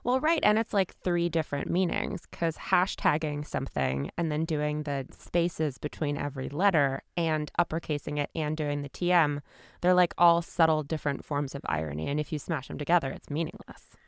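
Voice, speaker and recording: A woman's voice: deep voice, normal speed, gravelly, smooth, no echo, studio quality. A woman hosting an interview, asking curious, engaged questions. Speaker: interviewer, podcast host. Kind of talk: conversational interview.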